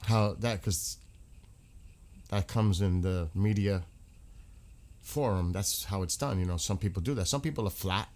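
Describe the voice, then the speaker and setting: Male streamer, low pitch, loose rambling chat with viewers, blunt and profane. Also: normal speed, long pauses, a little mellow. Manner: rambling, frank, swears freely. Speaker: livestream host. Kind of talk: casual livestream chat.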